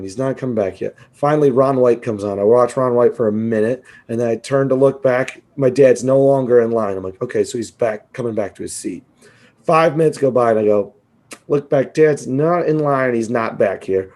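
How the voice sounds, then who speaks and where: A man co-hosting a podcast, telling a story in casual chat, animated and swearing, laughing often as he quotes people. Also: medium pitch. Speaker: podcast co-host.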